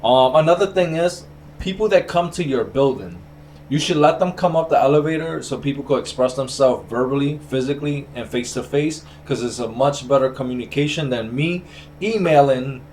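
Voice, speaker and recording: A man's voice: mid-range voice, lively intonation, moderate pace, a little mellow, slight background noise. A man from the Bronx, a barber chatting casually and telling a rambling, frustrated story full of restarts. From the Bronx, New York. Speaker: barber, stream host.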